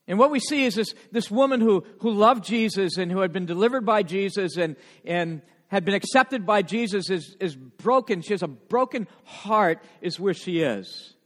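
Man preaching, middle-aged pastor, fairly high voice, loud then hushed, stammers on repeats, long church reverb. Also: expressive, normal speed, hardly any pauses. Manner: dramatic swings between loud and hushed; repeats words when emotional. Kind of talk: sermon. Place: church sanctuary. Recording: long reverb of a large hall.

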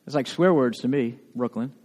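A man with a New England accent, a pastor preaching a sermon in a lively, conversational way, full of rhetorical questions. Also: medium pitch, moderate pace. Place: church sanctuary. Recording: long church reverb.

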